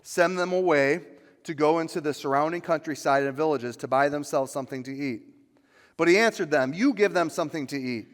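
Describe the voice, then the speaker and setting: A man preaches a sermon in a church, his somewhat high voice carrying a long reverb through the sanctuary. He presses hard on key lines, climbing louder and higher at his peaks. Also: brisk. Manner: rises to loud, high emphatic preaching on dramatic lines. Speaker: pastor.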